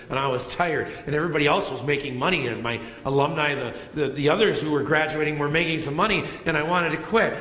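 Bright-voiced preaching pastor in echoey church. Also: male voice, medium pitch. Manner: swings between loud emphatic preaching and soft hushed passages. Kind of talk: sermon. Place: church sanctuary.

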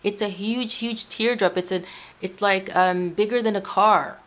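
A woman's voice: medium pitch, fairly even intonation, measured pace, fairly bright tone. A woman from Ecuador talking casually to her camera about faith at home, rambling along with many restarts and self-corrections. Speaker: Christian video blogger. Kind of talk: casual religious vlog talk. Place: room at home by a window. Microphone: camera in front of her.

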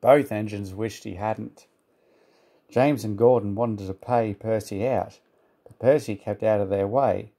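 A man reading a children's storybook aloud in a calm, even manner. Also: on the low side, unhurried, gravelly.

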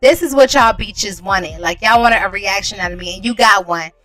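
A woman narrating a life-sim game, sassy and dramatic, with lots of slang. Her voice sounds bright and forceful. She talks to her viewers as if they were friends. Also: medium pitch, normal speed, no echo, soft background music. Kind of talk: casual gameplay commentary.

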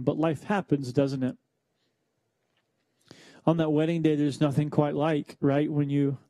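A young man preaching a church sermon, talking conversationally with joking asides and slowing down for emphasis. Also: fairly high pitch, warm tone, no room sound. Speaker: pastor.

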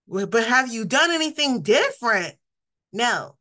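A woman's voice: a little high, very animated, slow, long pauses, pushed and bright. A middle-aged woman giving an informal, conversational sermon, often laughing and acting out the people she quotes. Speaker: preacher.

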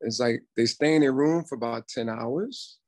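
A man's voice: mid-range voice, moderate pace, a little mellow, dry recording. A man in his fifties, a former ballplayer and coach, chatting casually as a podcast guest and acting out past conversations as he tells them. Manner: storytelling, quotes himself and others in dialogue.

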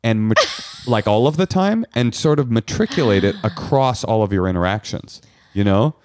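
A man's voice: on the low side, normal speed, no room sound, studio quality. A man co-hosting a podcast, chatting casually in a teasing, sarcastic way. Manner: teasing, sarcastic, lively delivery. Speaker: podcast co-host. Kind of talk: casual chat.

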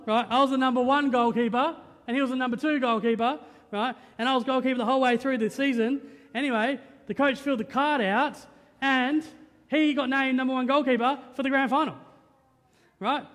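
High-voiced Australian pastor preaching in a reverberant hall. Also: male voice. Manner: lively, joking, conversational, keeps asking "right?". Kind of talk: sermon. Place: church auditorium. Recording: long reverb of a church hall.

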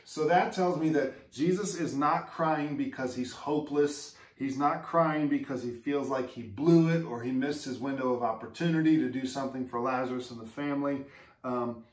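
In a church sanctuary, a male pastor delivers an earnest, conversational sermon at normal speed, frequently asking his congregation questions. His voice is neither high nor low. The mic is far off, so he echoes through the roomy space and sounds distant.

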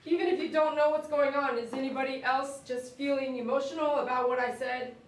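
A woman's voice: steady tone, a little fast. A woman chatting emotionally with viewers during a live stream while she grooms a dog in her shop. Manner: emotional, chatty, talks to dogs in a high coaxing voice. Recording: echoey room, mic at a distance, faint noise.

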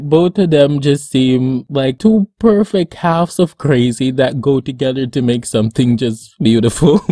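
Vlog host reviewing cartoon songs: dramatic, gushing, sassy ("honey"), very animated pitch, warm and mellow, dry close sound. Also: dry recording. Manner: swoops high in pitch when excited. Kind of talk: excited casual review vlog.

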